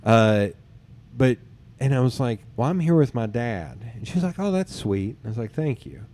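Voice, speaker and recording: A man's voice: mid-range voice, moderate pace. A man hosting a podcast, telling personal dating stories in casual chat, acting out what others said and swearing casually. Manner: animated storyteller who acts out others' lines, swears casually. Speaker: podcast host.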